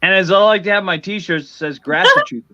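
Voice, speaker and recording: A laid-back man from Western Massachusetts talks on a live stream panel, grumbling easily about this and that. His voice sits a bit high for a man. It comes through a dull, lo-fi call line with a dry, close sound. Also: huge pitch swings, fairly quick, sharp tone, no room sound. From Western Massachusetts, USA. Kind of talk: casual chat.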